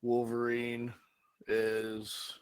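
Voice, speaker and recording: A man's voice: medium pitch, drawn-out words, clear, resonant tone, poor audio. A man co-hosting a comedy show, telling a made-up bar-fight story with lots of swearing. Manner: profane, energetic storyteller. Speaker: podcast co-host.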